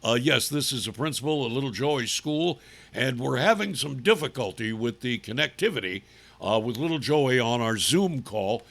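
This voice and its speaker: A man's voice: mid-range voice, expressive, normal speed, gravelly, a bit bright, pitched below the performer's own voice. A man putting on a sneaky male school principal who talks in a hesitant, phony-polite way. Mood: fake-polite.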